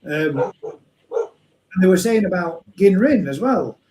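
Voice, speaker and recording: A man's voice: high-pitched, lively intonation, slow pace, warm tone, echoey room, poor audio. A man hosting a casual chat, rambling and trailing off, laughing often. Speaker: host.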